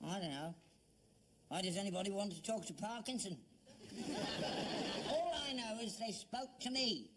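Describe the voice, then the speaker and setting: A man's voice: high voice, expressive, moderate pace, pauses often, noisy background. An older man with a London Cockney accent, acting an elderly father in a sitcom, earnest and stubbornly defensive. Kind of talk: 1970s British sitcom acting.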